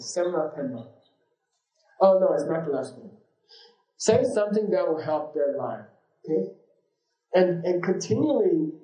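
A man's voice: a little high, mellow. Rambling, chuckling male teacher in an echoey room. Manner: rambling and informal, many fillers, laughs easily. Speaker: yoga and meditation teacher. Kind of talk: casual teaching talk with anecdotes. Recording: roomy echo.

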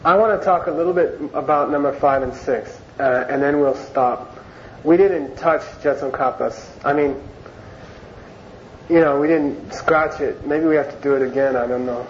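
Teaching a Dharma class informally at a moderate pace, a man with a fairly high voice keeps things conversational. He often repeats words and phrases for emphasis, and the recording is dull and lo-fi with faint hiss.

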